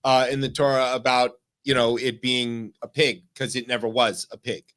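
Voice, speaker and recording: A man hosting a comedic news talk show, telling stories excitedly with many restarts. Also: mid-range voice, moderate pace. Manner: excited storytelling full of restarts. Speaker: radio show host.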